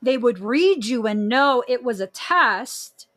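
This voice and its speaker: Give me an expressive female podcast host with a bright, fairly high voice, reacting loudly. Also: slow, hardly any pauses. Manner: expressive, laughs often, exclaims reactions. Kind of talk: casual podcast chat.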